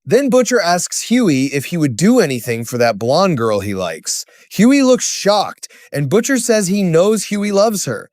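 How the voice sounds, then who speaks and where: A man's voice: high voice, wildly swooping pitch, a little slow, few pauses, a little mellow, no room sound, studio quality. A man narrating a scripted story recap, telling it dramatically and lifting his voice at sudden turns.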